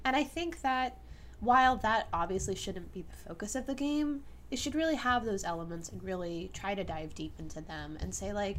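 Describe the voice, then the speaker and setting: A woman co-hosting a podcast in casual chat, earnest and opinionated, quick to laugh. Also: medium pitch, animated, slight background noise. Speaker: podcast co-host.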